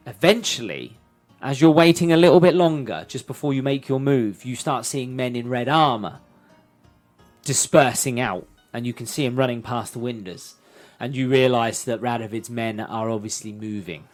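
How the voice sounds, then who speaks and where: A man's voice: medium pitch, normal speed, soft background music. A man narrating a tabletop role-playing game as game master.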